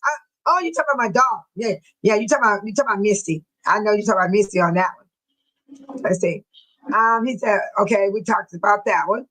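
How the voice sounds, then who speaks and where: A woman's voice: medium pitch, quick pace, fairly bright tone, poor audio. A woman hosting her own channel in casual live-stream chat, laughing often and mimicking other people in exaggerated voices. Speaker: channel host.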